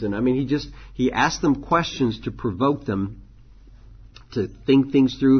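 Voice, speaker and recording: A man's voice: medium pitch, normal speed, slightly rough, muffled recording. A man who is a pastor, teaching a church leadership class in a conversational way, with frequent ums and restarts.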